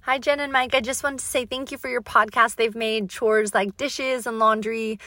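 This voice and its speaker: A woman's voice: a little high, fairly even intonation, moderate pace, sharp tone, dry recording. A woman leaving a voice memo question for a podcast, speaking politely with some hesitant ums. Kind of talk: recorded voice message.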